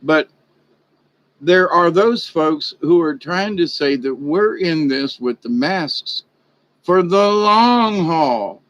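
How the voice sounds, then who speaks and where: Slow and on the high side, this man's voice comes through a rough recording. He's a vlogger rambling casually in a folksy, chatty style, growing animated as he retells conversations.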